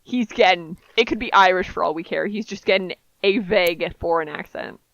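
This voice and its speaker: A woman's voice: lowish voice, brisk, fairly bright tone, no echo. A young woman co-hosting a podcast in casual chat, making wry comments. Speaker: podcast co-host. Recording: dry, dull lo-fi mic.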